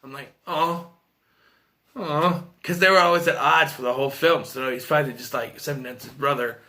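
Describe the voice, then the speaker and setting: Bright-voiced man rambling through a film review. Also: mid-range voice, fairly even intonation, normal speed. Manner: rambling, retells scenes with quoted lines, many restarts and fillers. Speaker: movie reviewer. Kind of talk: casual spoken film review.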